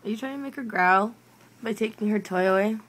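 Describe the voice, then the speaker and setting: A woman's voice: medium pitch, brisk, a bit bright. A woman filming her pets at home, chatting casually and teasing them in a playful way, with bits of baby talk. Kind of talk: casual chat to pets and friends. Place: home room indoors.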